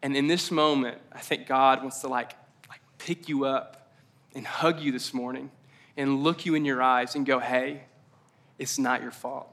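Male pastor, conversational preaching, bright clear tone, drawn-out emphasis. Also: medium pitch, steady tone. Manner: conversational, rambling asides, slows down for emphasis. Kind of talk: casual sermon. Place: church service.

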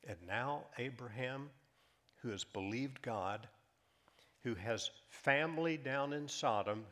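A male preacher with a mid-range voice, working through a scripture passage. He swings widely, climbing high and loud for bold lines, then sinking to a slow, quiet hush to stress a point. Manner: reads scripture aloud, rising in pitch and volume for emphasis; drops to a soft, slow hush on key lines. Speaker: pastor. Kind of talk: sermon.

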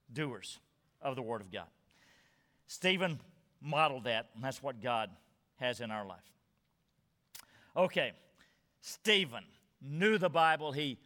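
A man's voice: a little high, pushed and bright, in a large hall. A male pastor preaching a sermon, emphatic, repeating parallel phrases for stress.

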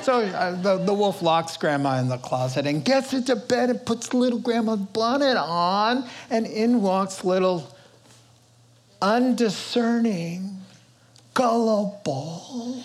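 Slow, animated older male preacher. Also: high voice. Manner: animated, playful storytelling. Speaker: pastor. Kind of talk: sermon.

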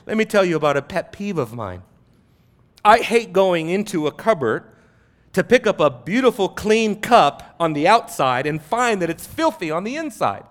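A man preaching a sermon as pastor, emphatic, building on repeated phrases and swinging from soft to loud. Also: high voice, sing-song, normal speed.

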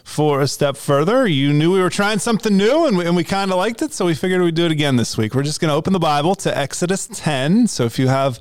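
A man, a pastor, hosting a church podcast in a relaxed, talkative way. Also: a little high, quick pace, few pauses, smooth, dry recording. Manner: relaxed, talkative, with frequent restarts. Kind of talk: casual chat.

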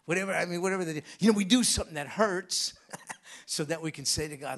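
A man preaching a sermon, swinging from loud emphatic bursts to hushed whispers. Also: a little high, fast, vocal fry.

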